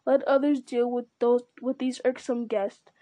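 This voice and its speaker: A woman's voice: on the high side, little pitch movement, unhurried, mellow, no room sound, natural voice, low-quality recording. A woman reading aloud as a fawning, sly old male counselor who wheedles and whines. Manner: wheedling, whining.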